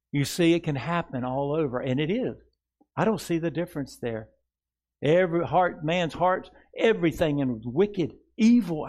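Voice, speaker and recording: A male pastor preaching to his congregation in a somewhat high voice. He presses his points with rhetorical questions and earnest appeals. At times he eases into a soft, tender tone. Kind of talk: sermon. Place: church sanctuary before a congregation.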